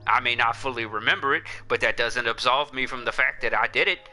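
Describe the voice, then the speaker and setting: Man with a very bright voice, blunt. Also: mid-range voice, brisk, soft background music. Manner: blunt and profane, rambling storytelling. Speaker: livestream host. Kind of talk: casual chat.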